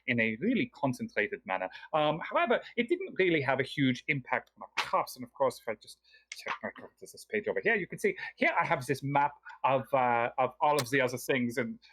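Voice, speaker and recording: A man voicing a polite, fussy male scholar who rambles eagerly with many halting restarts. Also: medium pitch, sing-song, bright, forceful tone, poor audio.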